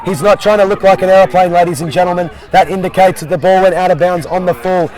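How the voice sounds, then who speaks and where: A man calling an Aussie Rules match as play-by-play commentator, jokey and excitable, working outdoors at the ground. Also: high-pitched, quick pace, rough recording. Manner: jokey, excitable, repeats "I'll tell you what". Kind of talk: sports commentary. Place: outdoor sports field. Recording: crowd noise behind outdoor commentary.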